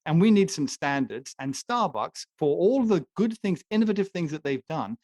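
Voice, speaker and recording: A man's voice: on the high side, sing-song, normal speed, a little mellow, no echo, studio quality. A man co-hosting a casual talk show, ranting emphatically and joking as he makes his case. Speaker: podcast co-host. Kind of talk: opinionated casual chat.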